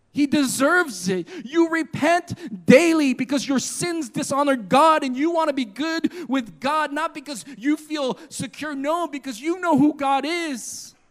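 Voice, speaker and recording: A man preaching a sermon as pastor, emphatic and impassioned, a parent of children. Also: very high voice. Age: adult with children.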